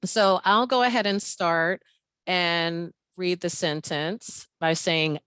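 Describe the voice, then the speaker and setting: A woman's voice: fairly low pitch, fairly even intonation, slow pace, fairly bright tone, clean tone, no echo. A woman presenting a training webinar over a video call, explaining an exercise step by step and laughing often.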